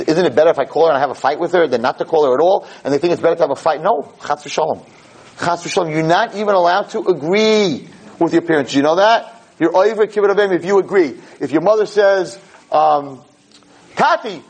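A man giving a podcast Torah class in an animated way. He stumbles over repeated words as he builds each point and acts out parents and kids in quick asides. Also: fairly high pitch, slightly rough. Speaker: Torah lecturer.

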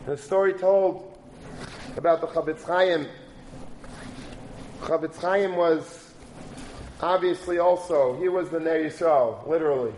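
A man giving a storytelling sermon, moving between animated retelling and forceful exhortation. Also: fairly high pitch, unhurried, pauses often, slight background noise. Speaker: preacher. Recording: roomy recording with faint background.

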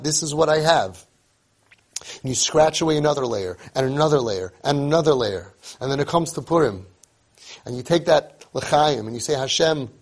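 A man giving an emphatic sermon, repeating phrases and telling a story. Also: medium pitch.

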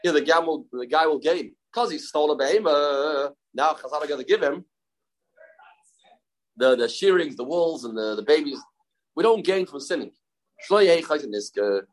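A man's voice: fairly high pitch, animated, normal speed, poor audio. A man with a Yeshivish accent teaching a daily Talmud lesson, repeating key phrases and asking and answering his own questions. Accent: Yeshivish English.

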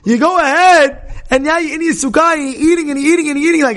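A very high-pitched man speaks quickly as he teaches a Torah class. He tells the story animatedly, acting out dialogue, restarting often, and alternating between loud and soft.

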